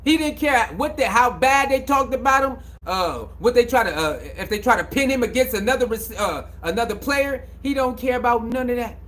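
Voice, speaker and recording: Emphatic high-voiced man riffing on sports. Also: lively intonation, a little fast, few pauses, a bit bright. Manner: emphatic, repetitive, preachy, slangy. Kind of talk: casual sports commentary monologue.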